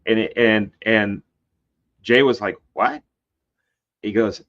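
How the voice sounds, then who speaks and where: A man, a comic book artist, telling a rambling story in casual conversation, jumping into high voices to act out quotes. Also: slow, pauses often. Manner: animated, acts out quoted voices with big pitch jumps; loose and rambling with many fillers and restarts. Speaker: guest. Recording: slightly dull lo-fi sound.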